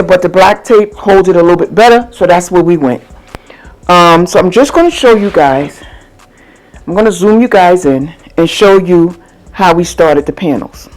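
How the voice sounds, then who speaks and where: A woman's voice: fairly low pitch, darkish tone. A woman hosting a casual crafting how-to vlog, chatty and upbeat, talking straight to her viewers. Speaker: crafting vlogger.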